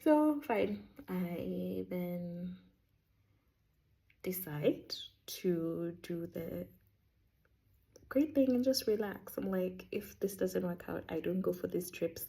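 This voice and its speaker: Woman vlogger, lowish warm voice, animated chatty storyteller. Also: slow, gravelly, long pauses. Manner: chatty, animated, sprinkles in Swahili words. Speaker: vlogger sharing a faith testimony. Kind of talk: casual storytelling.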